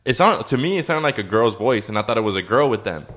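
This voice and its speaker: A man's voice: lowish voice, expressive, fast talker, a bit bright. A young man in casual chat with friends, talking loosely with plenty of "like" and swearing. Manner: loose, profane, filler-heavy talk with lots of "like".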